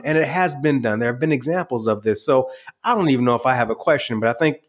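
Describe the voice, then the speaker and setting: A man hosting an interview podcast, animated and laughing often as he acts out quotes. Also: fairly high pitch, fast. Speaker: podcast host. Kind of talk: conversational interview.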